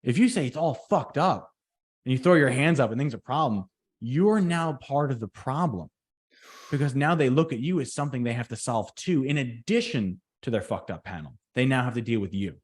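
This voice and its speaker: Deliberate man on a trade podcast. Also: mid-range voice, animated. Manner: deliberate, reflective, speaks slowly on purpose. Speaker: podcast co-host. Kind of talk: casual podcast chat.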